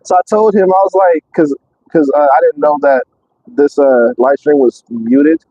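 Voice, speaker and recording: A man driving a truck, chatting casually on a live stream, excitable and rambling with many fillers, out of breath. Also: fairly high pitch, moderate pace, dry recording, highs cut off. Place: in and around a truck.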